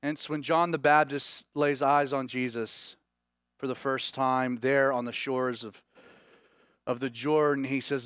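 A male pastor with a Southern US accent preaching a sermon, moving between hushed, slow stresses and rising, urgent passages. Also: mid-range voice, fairly even intonation, clear, resonant tone, no echo, studio quality.

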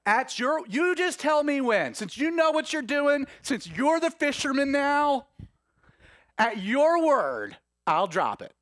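Man as a tired, sarcastic fisherman, high-voiced, dry and close. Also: measured pace, a bit bright, no echo. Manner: exasperated, sarcastic. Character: weary grown fisherman Peter, sarcastic.

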